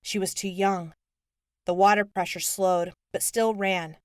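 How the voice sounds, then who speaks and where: A woman reading an audiobook in a steady, measured narration. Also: mid-range voice, smooth, no echo, studio quality.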